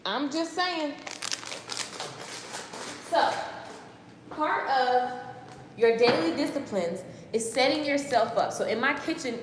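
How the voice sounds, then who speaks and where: A woman giving a fast, excited motivational talk in casual slang on a live stream from her home kitchen, repeating her points for emphasis. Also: high voice, reverberant, in a large hall, noisy background. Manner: excited fast ranting, talks too fast.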